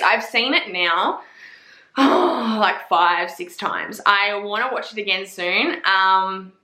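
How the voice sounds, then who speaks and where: A young woman vlogging in a casual chat, gushing and swearing a lot as she talks excitedly. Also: mid-range voice. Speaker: vlogger reviewing TV series. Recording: echoey room.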